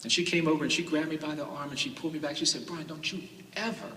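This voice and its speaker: A man's voice: fairly high pitch, fairly even intonation, rapid-fire, bright, forceful tone, slight background noise. A man giving an earnest storytelling speech as a lawyer at a summit. He repeats phrases and builds them into emphatic cadences. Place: large hall at a summit. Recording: echoey hall from a distant mic.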